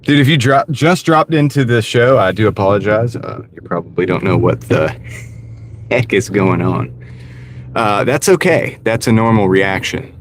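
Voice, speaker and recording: A man's voice: on the low side, animated, normal speed, rough recording. A man chatting casually on a live stream while driving for deliveries, rambling and easygoing. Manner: rambling, easygoing, many fillers. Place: inside a car while driving. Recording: car noise in background.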